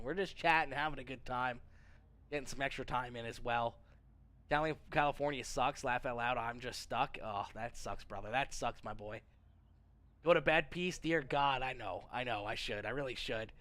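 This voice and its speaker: A man's voice: mid-range voice, fairly bright tone. A man livestreaming and chatting casually with his viewers. He rambles, jokes and repeats himself, and says he is not feeling well. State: feeling unwell. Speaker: livestreamer reading chat.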